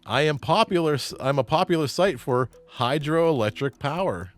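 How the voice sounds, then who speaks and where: A man's voice: a little high, expressive, moderate pace. A man runs a trivia game show, reading out clues and teasing the contestants with easy laughter. His voice moves a lot, rising and dipping as he talks. Faint music plays in the background. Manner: playful, laughs often, jokes with players.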